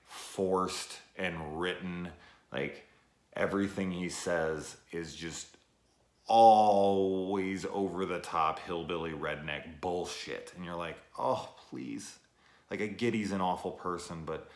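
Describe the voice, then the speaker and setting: A man giving a casual, rambling movie review, cursing often and trailing off into fillers. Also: low voice. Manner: rambling, profane, animated, full of fillers. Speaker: film reviewer. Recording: echoey room.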